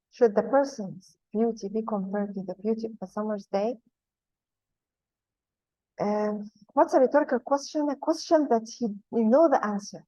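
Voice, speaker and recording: A woman's voice: fairly high pitch, dark tone, dry recording. Teacher woman explaining patiently, lo-fi sound. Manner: patient, repeats key points, speaks slowly to explain terms. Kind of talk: classroom lesson. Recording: dull lo-fi sound.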